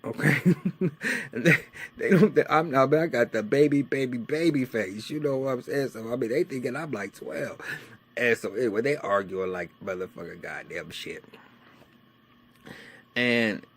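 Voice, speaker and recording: A man telling a personal life story in a casual, animated way. He is heavily profane and swings from hushed asides to loud outbursts. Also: mid-range voice, moderate pace, slight background noise.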